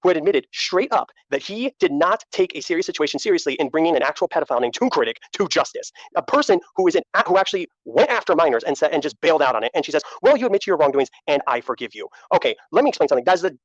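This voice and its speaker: A man's voice: on the high side, lively intonation, very fast, few pauses, no room sound, lo-fi sound. Flustered man, stammering in disbelief. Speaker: streamer reading comments. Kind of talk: exasperated live-stream commentary.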